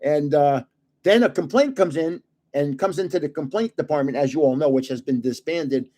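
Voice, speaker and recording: A man's voice: a little high, normal speed, mellow. An older man hosting a casual livestream, telling rambling stories and chuckling often. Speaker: channel host giving away trading cards.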